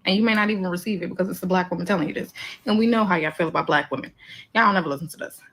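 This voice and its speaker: A woman's voice: lowish voice, rapid-fire, fairly bright tone, slightly rough, rough recording. A woman giving an emphatic opinion monologue, making numbered points in blunt, profane slang. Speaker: commentator.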